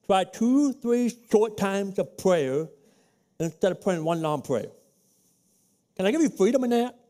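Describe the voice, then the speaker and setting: A male pastor preaches to his congregation in an easygoing, practical manner. His voice sits unusually high for a man. He drops into hushed tones when he acts out his own prayers. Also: lively intonation, a little slow. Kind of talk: sermon. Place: church sanctuary.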